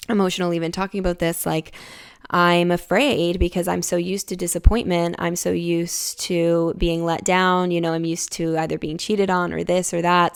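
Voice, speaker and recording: A woman's voice: fairly low pitch, clear, resonant tone. A young woman hosting a podcast, talking candidly and reflectively about her own healing, full of "like" and "you know". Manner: confiding and reflective, many fillers like "like" and "you know". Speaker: podcast host. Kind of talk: candid personal self-help talk.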